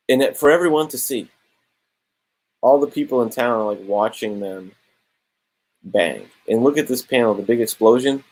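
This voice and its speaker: A young man casually reviewing a comic book, talking in a relaxed, slangy way. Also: mid-range voice, poor audio. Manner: laid-back slangy, drops "bro" and "straight up".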